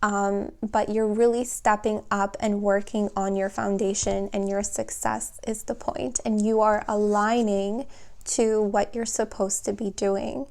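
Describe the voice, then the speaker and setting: A woman's voice: mid-range voice, gravelly, darkish tone. A woman giving a tarot reading, thinking aloud and often exclaiming with emotion. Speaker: tarot reader.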